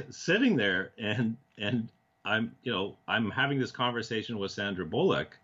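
Low-voiced man telling animated stories. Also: a little slow, slightly rough, lo-fi sound. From Canada. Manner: animated, acts out quoted dialogue, frequent restarts. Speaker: TV producer, interview guest. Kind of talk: casual storytelling in a talk-show interview.

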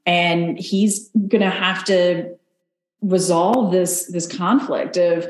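A woman interview guest, an Army reservist, telling stories in an earnest, animated way and acting out quoted voices. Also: fairly low pitch, a little slow, reverberant. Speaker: podcast guest, Army Ranger. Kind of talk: conversational interview.

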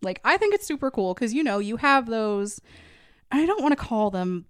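A woman's voice: on the high side, sing-song, moderate pace, clean tone, no room sound, studio quality. A woman co-hosting a comedy podcast in casual chat, rambling along with lots of fillers. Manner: rambling, filler-heavy, easygoing. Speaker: podcast co-host.

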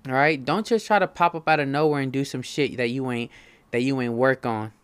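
A man's voice: medium pitch, fairly quick, clean tone. A young man hosting his podcast alone, talking casually, swearing freely and often checking in with listeners. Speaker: podcast host. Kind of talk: solo casual podcast monologue.

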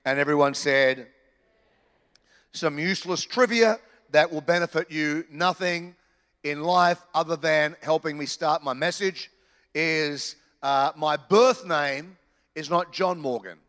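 A man preaching a sermon in church, animated and joking with the congregation. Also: on the high side, unhurried, long reverb tail. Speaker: pastor. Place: church hall.

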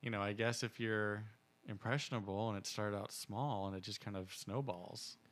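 A man co-hosting a casual podcast chat, talking in a relaxed, reflective way and sharing from his own past. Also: on the low side, normal speed. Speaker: podcast co-host.

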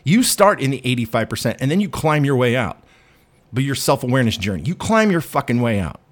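A man ranting on his podcast, full of swearing and mocking himself. His pitch swings widely from emphatic highs to mumbled lows. He talks straight to the listener in blunt, emphatic bursts. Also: very animated, a little fast. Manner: profane, self-deprecating, emphatic. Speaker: podcast host. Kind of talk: profane monologue rant.

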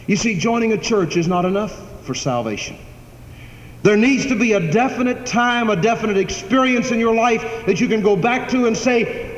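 Preacher guy, fairly high voice, big repetitive build-ups, churchy echo and a bit of hiss. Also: lively intonation, moderate pace, dull audio. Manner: preacherly, repetitive cadence, rising to emphatic declarations. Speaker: pastor. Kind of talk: sermon. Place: church sanctuary. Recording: echoey hall, faint background hiss.

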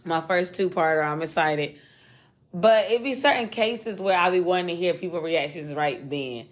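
A woman hosting a true-crime podcast alone, talking casually and quickly in loose slang and swearing freely. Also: on the low side. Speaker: podcast host. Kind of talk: casual solo podcast chat.

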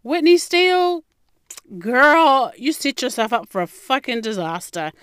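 A woman with an Australian accent, telling a personal story in a blunt, heavily profane and animated way. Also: high-pitched, measured pace, clean tone, dry recording, studio quality. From Melbourne, Australia.

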